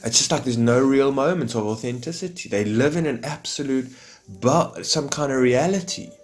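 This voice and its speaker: A man's voice: mid-range voice, moderate pace. A man in a rambling, reflective monologue, full of fillers. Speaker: vlogger.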